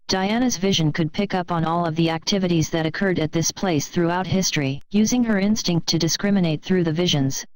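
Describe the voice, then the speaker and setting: A woman reading a fan fiction story aloud in a steady, plain storytelling manner. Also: fairly low pitch, dry recording, rough recording. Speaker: story reader.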